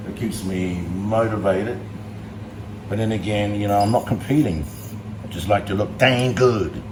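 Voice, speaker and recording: A man talking casually to his phone camera while cooking at home, joking and rambling and chatting to his dog. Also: fairly low pitch. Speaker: bodybuilding vlogger. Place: home kitchen with a noisy fan. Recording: echoey room with fan noise.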